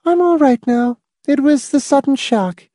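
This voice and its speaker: Man reading as a blunt, tense woman plotter, high, clipped and urgent, dry close audiobook read. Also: unhurried, dark tone, dry recording. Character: tense, blunt woman conspirator, middle-aged.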